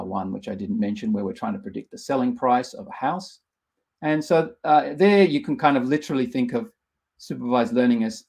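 A man's voice: mid-range voice, darkish tone. A man running an online workshop, explaining concepts step by step with frequent restarts and fillers. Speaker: workshop instructor. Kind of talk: live online lecture.

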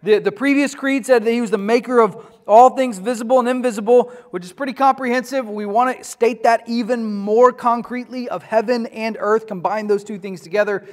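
High-voiced man teaching a class. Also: steady tone, a little fast, few pauses. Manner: conversational, asks the class questions. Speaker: church history teacher. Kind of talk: classroom lecture.

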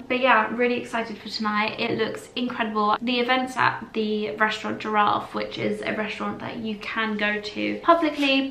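This lifestyle vlogger, a young woman with a mid-range, fairly bright voice, talks to the camera in a relaxed, chatty way. Tired-sounding, she keeps dropping "like" and "literally" while sitting in a hotel room. There's reverb and a bit of background noise.

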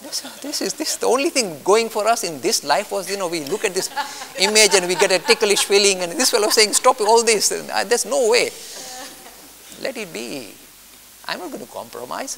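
His voice sits high and gravelly as this older man lectures bluntly on spiritual discipline, acting out objections in mocking voices and repeating what matters most. The recording carries long hall reverb with a faint hiss.

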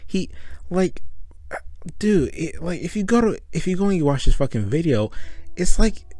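A man's voice: medium pitch, a little mellow, no echo. A man giving rambling, mocking commentary in a casual, profane way, breaking off to laugh. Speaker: commentary video host.

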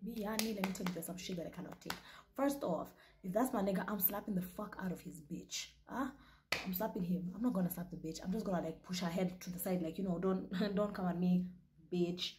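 A woman's voice: lowish voice, quick pace, noisy background. Profane Kenyan woman host reacting. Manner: loud, profane, switches into Swahili. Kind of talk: casual reaction commentary.

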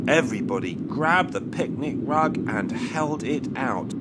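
A man reads a children's picture book aloud, taking his time and letting the pitch rise and fall expressively. His pace is unhurried, suited to young listeners. A constant noise sits behind the voice. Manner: slow, deliberate, expressive read-aloud. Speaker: author reading his storybook. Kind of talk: children's story narration. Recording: noisy background hiss.

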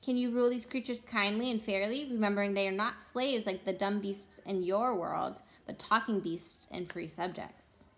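A woman's voice: mid-range voice, moderate pace, few pauses, natural voice. Woman reading as a grave, kindly lion king. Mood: solemn. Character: great lion king, solemn and kind. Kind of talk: storybook read-aloud.

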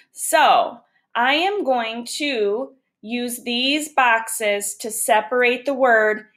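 A woman's voice: fairly high pitch, fairly bright tone. A woman teacher giving a recorded phonics lesson to young children, patiently sounding out letters and syllables one by one.

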